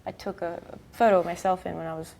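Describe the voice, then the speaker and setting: Soft-spoken Australian woman, gravelly low voice. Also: steady tone, low-quality recording. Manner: soft-spoken, halting, with frequent fillers. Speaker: actress guest. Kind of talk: casual interview chat.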